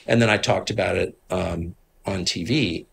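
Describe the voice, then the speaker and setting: A middle-aged man from Washington, D.C., a guest telling stories in a candid conversation, moving between low asides and emphatic outbursts. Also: moderate pace, gravelly, a bit bright, a little hiss or hum.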